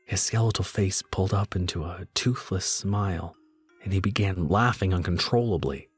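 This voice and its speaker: Man, deep voice, scripted horror narration, measured, slow for dread. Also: slightly rough, faint music behind.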